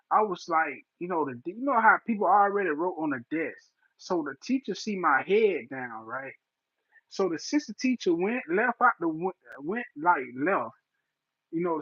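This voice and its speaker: A man's voice: high voice, animated, moderate pace, fairly bright tone, breathy edge, dry recording. A man telling a profane story on his livestream, laughing often, on dull lo-fi stream audio. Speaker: livestream host.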